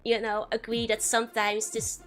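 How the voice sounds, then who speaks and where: A woman's voice: fairly high pitch, completely flat delivery, normal speed, fairly bright tone, faint music behind. A woman with a Dutch accent chatting casually on a stream, playful and laughing often. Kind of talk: casual live-stream chat.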